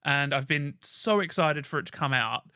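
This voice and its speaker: Bright-voiced excitable man co-hosting. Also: on the high side, moderate pace, smooth, no room sound, clean studio sound. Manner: excitable, rambling, swears casually. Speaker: podcast co-host. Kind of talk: casual chat.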